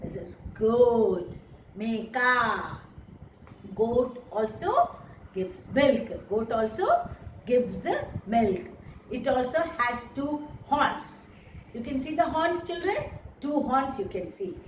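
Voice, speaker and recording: Woman, teacher for young kids, sing-song, fairly high voice, echoey room. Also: very animated, distant mic, a little hiss or hum. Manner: sing-song, slow and emphatic with animal sounds.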